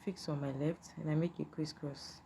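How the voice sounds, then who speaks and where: A woman's voice: sits low, flat delivery, moderate pace, vocal fry, very noisy. A woman giving a patient, step-by-step beading tutorial and often asking the viewer whether they can see. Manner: patient, repetitive, checks in with "can you see?".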